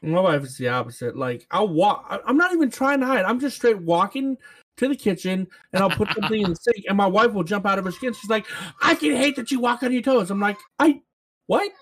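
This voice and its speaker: A man's voice: high-pitched, fairly quick. A married man telling funny stories and teasing the others in a casual group chat on a live stream. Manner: animated, teasing storyteller.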